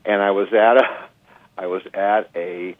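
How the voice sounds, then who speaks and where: Middle-aged guy rambling thru a funny story, lowish voice, tinny phone sound. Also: unhurried, no room sound. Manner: animated storyteller, lots of restarts and asides. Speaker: guest musician. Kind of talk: casual anecdote-telling interview. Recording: dry tinny phone line.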